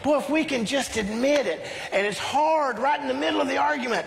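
A middle-aged man preaching a sermon as pastor, leading his congregation in call-and-response and breaking into excited exclamations. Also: extremely high pitch, brisk, creaky, hardly any pauses, crowd noise. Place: church sanctuary. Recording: reverberant church hall with faint ambience.

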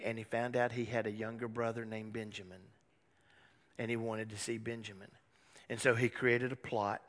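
A male pastor telling a story in a sermon, swinging dramatically from loud to a hushed whisper. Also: lowish voice, little pitch movement, moderate pace, in a large hall.

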